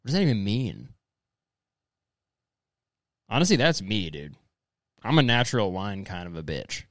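At a normal speed, a very animated young man reads messages aloud and riffs on them with profane, rambling comedy, saying "dude" constantly and slipping into exaggerated mocking voices. His slightly bright voice swings widely in pitch, recorded dry and close with no room.

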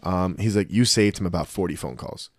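A podcast co-host tells stories in casual chat, animatedly acting out what others said and swearing often. His voice sits low and moves a little fast. The sound is clean studio audio with no room sound.

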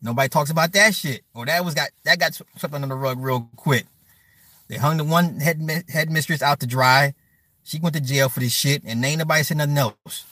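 A man's voice: fairly high pitch, brisk, pushed and bright, no echo, studio quality. A man hosting a live stream in a blunt, profane, rambling rant, stammering and repeating words and breaking off to thank and answer his viewers. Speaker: livestream host talking to chat.

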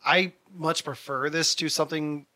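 A man shares his view in a casual podcast chat. His tone is bright and forceful, though he talks in a relaxed, easygoing way. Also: fairly high pitch, moderate pace. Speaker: podcast co-host.

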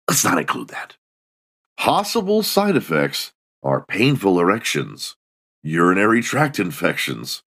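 A man's voice: low-pitched, a bit bright. A middle-aged man hosting a solo comedy podcast, sarcastic and mocking, acting out little scenes. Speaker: podcast host.

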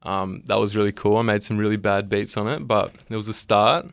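A man's voice: lowish voice, steady tone, fairly quick, gravelly, no room sound, studio quality. A man with an Australian accent, a musician guest on a radio show, talking in a laid-back, hesitant way with many ums. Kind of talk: casual radio interview. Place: radio studio.

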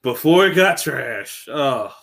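Excitable young man with a lively voice. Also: mid-range voice, slow, gravelly. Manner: excitable, animated, laughs often. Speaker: podcast co-host. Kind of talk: casual gaming chat.

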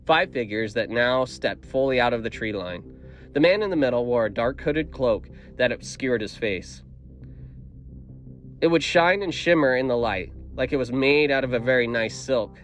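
Guy reading a first-person story, steady and measured, middle pitched voice. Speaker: narrator.

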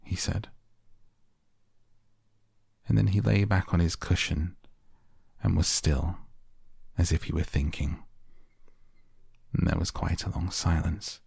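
A man narrating a bedtime story in a slow, hushed and gentle way. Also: low-pitched, vocal fry, slightly rough, no room sound, studio quality. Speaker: audiobook narrator. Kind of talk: soft bedtime story reading.

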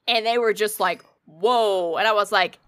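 A woman co-hosting a podcast, telling a story in casual chat with animated delivery and frequent swearing. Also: mid-range voice, a little fast, no echo, studio quality. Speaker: podcast co-host.

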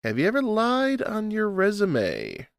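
A laid-back man hosts a casual video-call interview, his pitch rising and falling freely as he reads through a list of questions. He speaks slowly and unhurriedly into a computer mic. His laugh comes easily, and the sound is close and dry. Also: huge pitch swings, gravelly, smooth, no room sound. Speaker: podcast host interviewing strangers.

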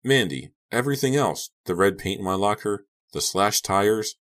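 A man reading the part of a frightened teenage boy who is tied up, pleading and shouting in panic. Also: low voice, sing-song, normal speed, slightly rough, heavily acted. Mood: panicked.

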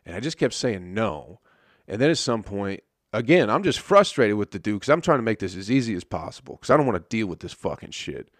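A man's voice: lowish voice, sing-song, fairly quick, no echo, clean studio sound. A man, a stand-up comedian, telling a story in a laid-back, rambling way full of swearing. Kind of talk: casual storytelling.

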